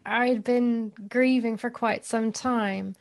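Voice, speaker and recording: A woman guest telling a personal story in an interview, candid and emotional, unhurried. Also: fairly high pitch, steady tone, no echo.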